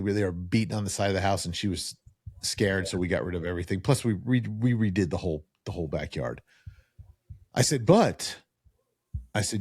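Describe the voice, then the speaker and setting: A middle-aged man in a casual podcast chat, an animated storyteller who acts out quoted dialogue. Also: lowish voice, no room sound, studio quality.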